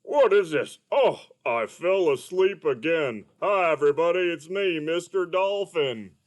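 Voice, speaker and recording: A man voicing a sleepy, cheerful male puppet dolphin with an excitable, drowsy drawl. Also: fairly high pitch, measured pace, voice pushed up. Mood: sleepy, chirpy.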